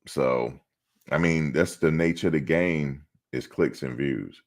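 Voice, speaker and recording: A man's voice: rumbling low, unhurried. A middle-aged man hosting a sports channel, chatting casually on a live stream and answering his chat in a blunt, streetwise way.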